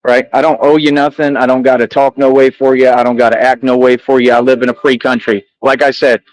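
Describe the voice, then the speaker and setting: A man's voice: mid-range voice, flat delivery, brisk, dry recording, rough recording. Boastful man ranting in street slang. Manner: boastful, combative, repetitive slang-heavy street talk. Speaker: vlogger addressing critics. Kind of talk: defiant monologue to camera.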